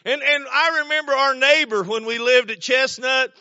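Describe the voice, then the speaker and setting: At a steady, moderate pace, a male pastor with a bright, very high voice preaches a folksy sermon packed with stories. He circles back over his own words and erupts into shouting to hammer points home, all captured in a dry, somewhat muffled recording.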